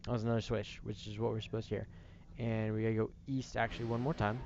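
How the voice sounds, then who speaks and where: A man's voice: on the low side, flat delivery, fast talker, vocal fry, lo-fi sound, background noise. A man casually commenting while playing a game late at night, laid-back and self-deprecating, sounding tired. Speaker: gaming streamer. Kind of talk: casual let's-play commentary.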